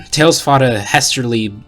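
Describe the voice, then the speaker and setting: A man's voice: mid-range voice, slow, creaky, music in the background. A man reading a fan story aloud in a casual way, with joking asides.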